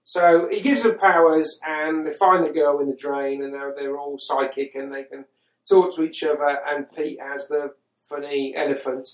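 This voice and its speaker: A man's voice: on the high side, flat delivery, moderate pace, roomy sound, rough recording. A man hosting a podcast, recapping a film in casual chat with exasperated, sweary incredulity. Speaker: podcast host.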